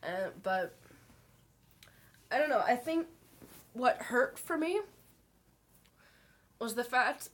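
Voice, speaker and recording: A young woman talking to her camera in her bedroom, telling an emotional story slowly and haltingly while fighting back tears. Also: a little high, lively intonation, fairly bright tone. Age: young adult. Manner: halting, slow, many pauses and fillers. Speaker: vlogger.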